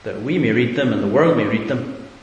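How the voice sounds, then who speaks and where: A man's voice: mid-range voice, brisk, muffled recording. A man preaching a sermon earnestly, building to emphatic repeated questions. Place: church hall. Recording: echoey hall with faint hiss.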